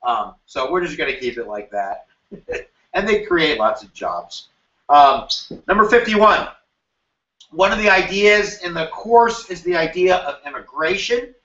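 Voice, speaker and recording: Man, history teacher, exam review lecture, animated, jokey, dull lo-fi echoey sound. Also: on the high side, measured pace. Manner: animated, jokey, acts out quoted voices. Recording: roomy, distant, dull sound.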